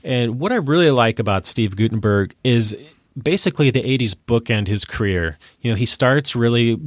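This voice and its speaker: A middle-aged man co-hosting a podcast, rambling along with plenty of fillers and chuckling at his own jokes. His voice is dry and close to the mic, with no room sound at all, at an ordinary male pitch. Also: expressive, moderate pace, no echo. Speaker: podcast co-host. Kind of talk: casual podcast chat.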